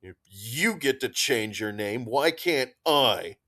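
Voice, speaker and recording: A man's voice: mid-range voice, lively intonation, slow, sharp tone, full character voice. A man voicing a grumpy, blunt female creature with a tail who complains matter-of-factly. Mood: objecting.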